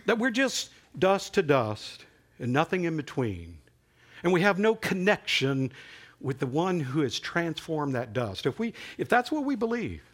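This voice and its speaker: A man preaching a sermon in a conversational, animated way, building to emphatic peaks. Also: fairly high pitch.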